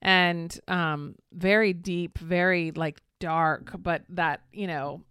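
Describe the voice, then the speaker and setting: Bright, crisp-voiced woman co-host. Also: on the low side, steady tone, slow pace, no room sound, clean studio sound. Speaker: podcast co-host. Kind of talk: casual chat.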